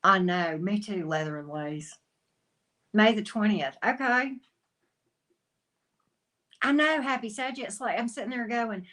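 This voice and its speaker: A woman's voice: medium pitch, a little slow, pauses often, a bit bright. A woman, a tarot reader chatting casually on a livestream, calling viewers honey and sweetie and greeting them by name. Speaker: tarot reader and channel host.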